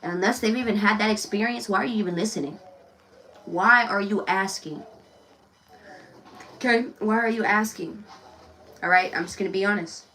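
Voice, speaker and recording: A woman's voice: medium pitch, moderate pace, pauses often, fairly bright tone, distant mic, a little hiss or hum, poor audio. Chatty, blunt woman reading tarot. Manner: loose, chatty and blunt, swears freely, laughs often. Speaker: tarot reader.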